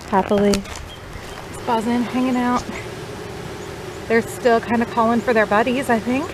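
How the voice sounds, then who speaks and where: A chatty woman talks through her beekeeping on a camera mic outdoors. Her voice sits a little high, with lots of easy fillers. Faint insect buzzing and outdoor noise run behind her. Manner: chatty, upbeat, uses many fillers. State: out of breath. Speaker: new beekeeper. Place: outdoors by beehives.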